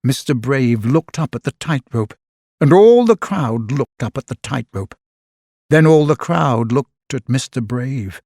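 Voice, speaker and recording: A man narrating a children's storybook in an expressive, unhurried way. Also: mid-range voice, dry recording, studio quality.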